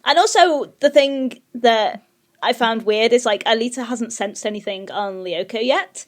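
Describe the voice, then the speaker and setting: A woman's voice: fairly high pitch, a little slow. A woman co-hosting a podcast, casually recapping an episode and often laughing as she talks. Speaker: podcast co-host.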